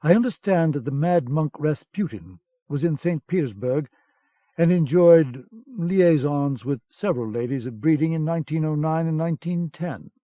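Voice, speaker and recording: A man reading an audiobook, voicing a measured, superior young British intelligence captain in a dull old recording. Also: fairly high pitch, animated, dry recording, lightly acted. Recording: dull cassette-era audiobook sound.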